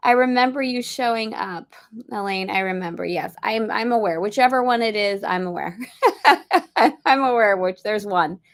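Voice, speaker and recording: Woman, middle-aged, livestream host, chatty and rambling, upbeat, gravelly vocal fry. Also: mid-range voice, normal speed. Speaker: host of a spiritual study livestream. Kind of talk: casual livestream chat. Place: on a boat.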